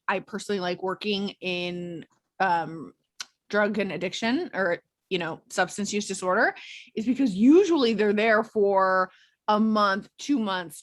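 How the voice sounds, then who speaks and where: A woman leading a casual group check-in as a clinical instructor, talking on a video call in a chatty, animated way with quick asides. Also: mid-range voice, dry recording.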